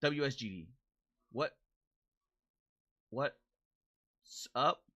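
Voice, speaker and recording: A woman's voice: rumbling low, very slow, fairly bright tone, highs cut off. A woman livestreamer chatting casually, rambling and stumbling over restarts as she reads and answers viewer messages. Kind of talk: casual chat while reading viewer messages.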